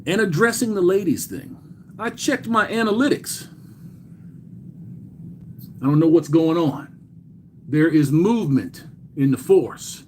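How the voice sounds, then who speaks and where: A middle-aged man hosting a casual livestream, greeting chatters by name loudly and swearing crudely. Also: a little high, slight background noise. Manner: reads chat names aloud with loud greetings, crude swearing. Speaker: livestream host.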